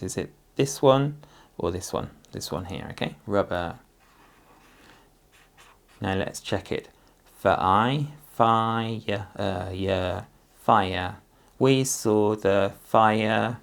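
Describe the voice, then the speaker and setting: A man demonstrates phonics for parents, sounding out each syllable and letter with great patience. His voice is low and gravelly with fry. He speaks very slowly and carefully. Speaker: teacher.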